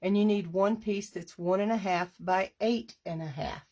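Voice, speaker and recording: A woman demonstrating a paper craft on a live stream, chatty and unhurried, stopping now and then to clear her throat. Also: medium pitch, a little mellow.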